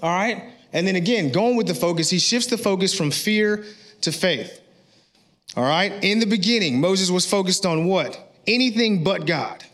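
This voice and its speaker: A male pastor preaching a sermon in an energetic, conversational way, often checking in with his listeners. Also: sits high, moderate pace.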